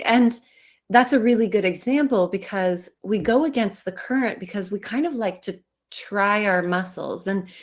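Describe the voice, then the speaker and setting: A woman hosting a spiritual livestream in a casual, reflective way, laughing easily as she talks. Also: mid-range voice.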